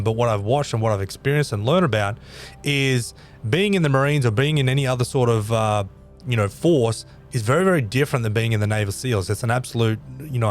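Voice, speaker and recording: A man hosting a podcast, telling a story in a casual, rambling way with emphatic repeats. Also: medium pitch. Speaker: podcast host.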